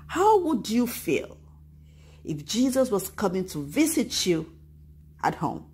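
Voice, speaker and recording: A woman teaching a children's church lesson, retelling a Bible story and acting out the voices of excited children and grumbling crowds. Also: mid-range voice, takes it slowly, long pauses, slightly rough. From Nigeria. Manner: animated, acts out voices of children and Bible figures.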